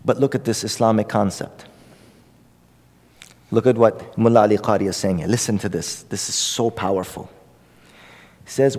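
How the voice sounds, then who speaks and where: A man's voice: lowish voice, steady tone, moderate pace, long pauses, darkish tone, big-room sound. A man teaching a religious text to an audience in a conversational, emphatic way, repeating words and asking questions. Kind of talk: sermon-style lecture.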